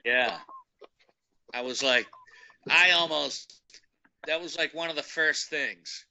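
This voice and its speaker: A man's voice: a little high, takes it slowly, vocal fry, sharp tone, slight background noise, poor audio. A man casually telling a rambling story, laughing often and acting out the people he quotes. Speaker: guest recounting a meeting.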